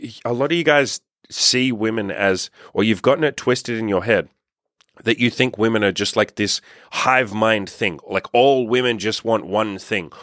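A man's voice: fairly low pitch, a bit bright, no room sound, clean studio sound. A man talking as a dating coach, giving blunt, profane, emphatic advice straight to his viewers. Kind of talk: direct-to-camera advice monologue.

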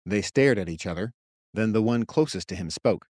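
A man reading his own story aloud in steady, measured audiobook narration. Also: lowish voice, dry recording, studio quality. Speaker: author and narrator.

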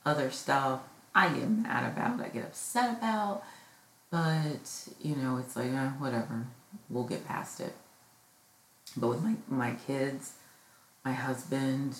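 A middle-aged American mother hosting a podcast reflects in a personal monologue on her children growing up, heartfelt and rambling with many fillers. Her voice is extremely low and gravelly with fry, and the echoey room carries a faint background hiss.

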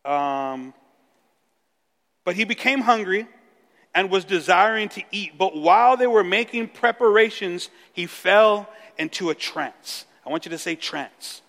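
Male pastor, lively sermon delivery, acts out the dialogue, high voice, church hall with long reverb. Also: unhurried, gravelly. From Mexico. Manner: animated preaching, acting out dialogue.

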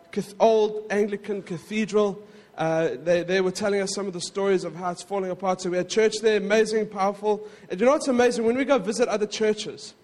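A man preaching a sermon in a conversational way, with frequent asides to the congregation and quick self-corrections. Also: sits high, a little mellow, long reverb tail. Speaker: pastor.

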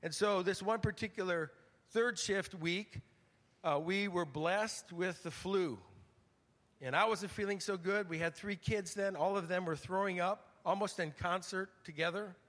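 Older male pastor, sharp bright voice, church reverb. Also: high-pitched, measured pace. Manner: animated, swings from loud emphasis to hushed near-whispers; storytelling, conversational preaching. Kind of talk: sermon.

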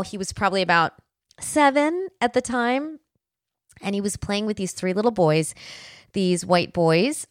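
A woman in her forties with a fairly low-pitched voice hosts a podcast in a casual monologue, recorded dry with studio quality. She tells family stories earnestly and conversationally, often restarting her sentences.

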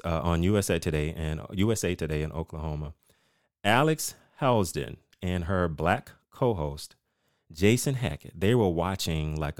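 A middle-aged man with a very low voice hosts his own podcast. He rants with animated, emphatic storytelling, swearing freely. The sound is dry and close to the mic. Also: no echo. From United States. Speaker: podcast host. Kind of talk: casual rant monologue.

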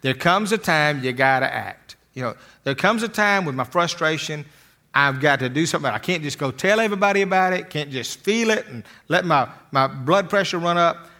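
A man's voice: a little high, expressive, moderate pace, sharp tone. An older man giving a motivational talk, telling folksy stories and often repeating words as he starts a sentence. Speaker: motivational speaker.

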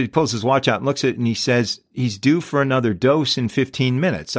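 A man hosting a podcast, retelling a story in a relaxed conversational way with small restarts. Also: medium pitch, dry recording, clean studio sound. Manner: conversational, with frequent restarts and fillers. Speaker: podcast host.

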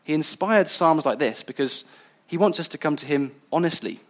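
A man's voice: on the high side, normal speed. A man giving a sermon in an earnest, conversational way. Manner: earnest, conversational, some restarts. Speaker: preacher.

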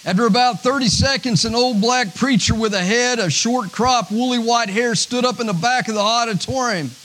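A male pastor preaching a sermon, with a preacher's rhythm that rises to shouts and drops to near-whispers. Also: very high voice, moderate pace, a little hiss or hum, low-quality recording.

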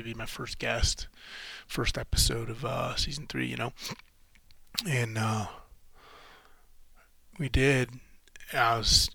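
Male podcast host, gravelly and husky, shaken and close to tears, rambling and profane. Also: medium pitch, pushed and bright, no echo. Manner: rambling, profane, halting restarts. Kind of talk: solo podcast monologue.

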